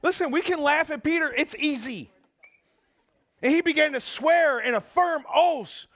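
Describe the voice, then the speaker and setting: A man preaching a sermon in a church, animated, acting out quotes and swinging from loud bursts to hushed tones. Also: very high voice, measured pace. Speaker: pastor. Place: church auditorium.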